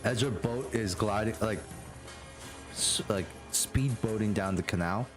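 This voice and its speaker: A man narrating a tabletop game as game master, unhurried and full of fillers. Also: lowish voice, music in the background.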